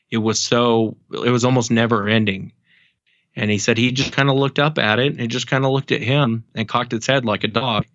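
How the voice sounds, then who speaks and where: Low-voiced man telling stories. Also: fairly bright tone, no room sound, dull audio. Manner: rambling, many ums and restarts. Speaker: podcast guest. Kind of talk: casual storytelling.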